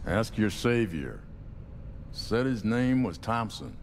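An actor playing a gruff, world-weary male street surgeon in a video game, speaking bluntly. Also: fairly low pitch, big pitch swings, slow. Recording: reverberant game audio with noise.

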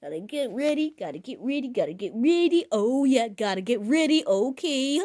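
A woman narrating her own plush toy skit in a chatty, repetitive way, talking through each step out loud. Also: on the high side, very animated, brisk. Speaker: plush video maker.

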